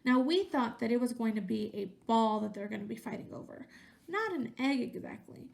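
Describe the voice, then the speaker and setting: A woman's voice: a little high, animated, a little fast, gravelly, a little mellow. A woman teacher reading a picture book aloud to young children, stopping to ask questions and using voices for the characters.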